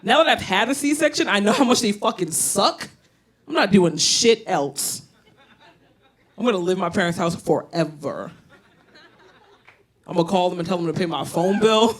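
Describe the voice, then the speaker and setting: A young woman with a Southern US accent doing a loud, profane, self-mocking stand-up set on a bar stage. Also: fairly low pitch, lively intonation, moderate pace, long pauses. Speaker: stand-up comedian. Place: comedy bar stage, live audience.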